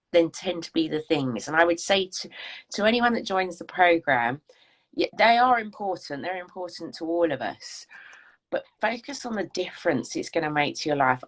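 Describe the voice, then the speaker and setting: A woman, a fitness coach chatting casually in a rambling, self-deprecating way. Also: fairly low pitch. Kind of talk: casual chat.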